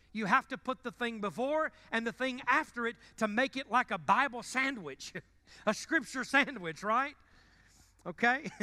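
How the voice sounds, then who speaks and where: Man, pastor, high voice, joking sermon, loud bursts and quiet asides. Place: church sanctuary.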